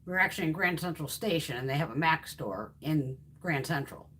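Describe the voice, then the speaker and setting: Low-voiced, blunt, foul-mouthed woman. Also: brisk, slight background noise. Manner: blunt, profane, animated storyteller. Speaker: beauty YouTuber. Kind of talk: casual livestream chat while swatching makeup.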